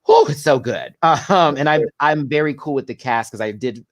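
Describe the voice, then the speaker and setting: A man's voice: a little high, normal speed, no echo. A man guesting on a podcast, chatting casually and animatedly, acting out quotes while telling stories. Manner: animated storyteller, acts out quotes. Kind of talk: casual chat.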